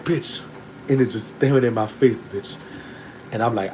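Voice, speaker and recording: A man in the middle of a long, candid story, speaking at an ordinary, mid-range pitch. His delivery is animated and unfiltered, and he laughs often as he talks. A faint noise sits under the recording. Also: normal speed. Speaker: storytelling vlogger. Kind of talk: casual storytelling to an online audience.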